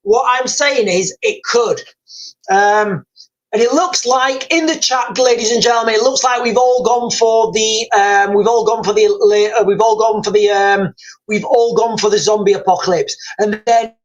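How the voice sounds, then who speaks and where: Male streamer, rambling and excitable, restarts sentences, reads chat aloud. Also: high-pitched, moderate pace, poor audio. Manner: rambling, excitable, repeats phrases, many fillers. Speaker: livestream host. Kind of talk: casual livestream chat reading viewer comments.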